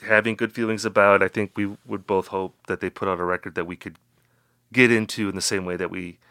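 A man's voice: low voice, fairly even intonation, fairly quick, sharp tone, smooth, no echo, studio quality. A man co-hosting a casual music podcast, jokey and upbeat as he reads out listener questions. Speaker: podcast co-host.

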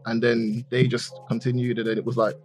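A man with a Birmingham accent answers questions in a thoughtful, hesitant way and weighs his words. His voice sits at a mid pitch. Clear music plays under the conversation. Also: flat delivery, fairly quick. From Birmingham, England. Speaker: guest musician. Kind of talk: casual group chat.

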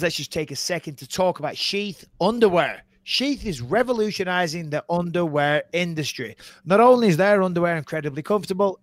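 A man's voice: fairly high pitch, no room sound. Dry-voiced man telling stories, swearing. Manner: animated storyteller, swears freely. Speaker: podcast co-host. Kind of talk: casual podcast chat.

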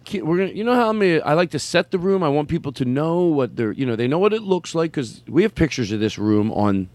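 Animated comedic podcast host man. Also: a little high, a little fast, dry recording. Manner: animated, loud, lots of silly voices and bits. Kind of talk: loose comedic banter. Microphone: studio mic.

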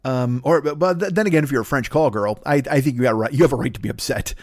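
A man's voice: medium pitch, quick pace, dry recording, clean studio sound. Profane rambling man. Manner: profane, rambling, bursts into singing and put-on voices. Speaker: podcast host. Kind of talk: crude comedic monologue.

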